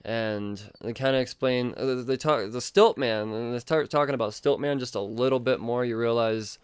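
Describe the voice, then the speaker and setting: Man, podcast host, excitable and foul-mouthed; smooth, resonant voice recorded dry and close. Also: medium pitch, moderate pace, no echo. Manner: profane, excitable, rambling. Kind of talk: casual comic book review.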